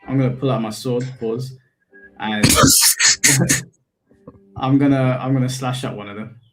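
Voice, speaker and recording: A man plays a tabletop game on a stream and chats casually. He stumbles into his sentences with repeated restarts. His voice sits at an ordinary middle pitch. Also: fairly even intonation, measured pace, loud music behind the voice. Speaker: player and streamer. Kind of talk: casual chat.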